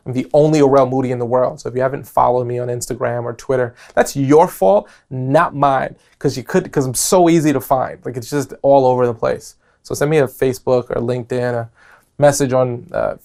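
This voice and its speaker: A man's voice: mid-range voice, a little mellow. A young man from New York with a New York accent, hosting a solo motivational podcast in a playful, rambling way full of jokes and tangents. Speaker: podcast host.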